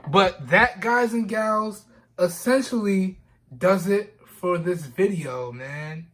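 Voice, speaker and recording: A man unboxes a product for his review vlog, speaking slowly in a high, slightly bright voice. He's on the verge of tears, talking casually, repeating himself, and using "man" and "y'all" a lot.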